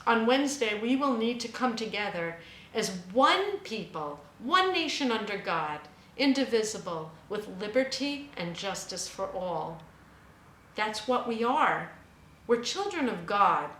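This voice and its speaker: A woman's voice: mid-range voice, sing-song, measured pace, a bit bright, roomy sound, a little hiss or hum, poor audio. A woman hosting a spiritual radio show, speaking in an emphatic, impassioned monologue that rises to fervent peaks. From United States.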